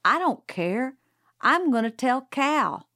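A woman's voice: high voice, big pitch swings, slow, bright, forceful tone, no room sound, clean studio sound, voice pushed up, exaggerated voice. A woman doing an eager, insistent young boy. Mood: urgent. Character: anxious, mulish young boy.

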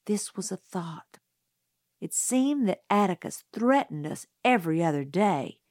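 A woman reading a novel aloud in first person, measured and unhurried. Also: on the low side, expressive, darkish tone, no room sound, clean studio sound. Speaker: audiobook narrator. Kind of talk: scripted first-person narration.

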